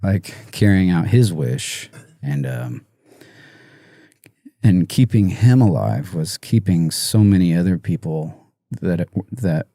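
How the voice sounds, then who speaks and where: Low, mellow man, guest in an interview, halting and close to tears, dry sound. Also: animated, no room sound. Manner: halting, soft-spoken, many pauses and restarts. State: emotional, near tears. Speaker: musician guest. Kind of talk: emotional interview storytelling.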